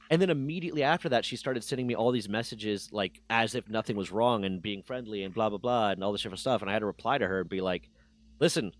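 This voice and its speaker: A man streaming, casually telling a personal story with candid swearing and mock voices for others. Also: mid-range voice.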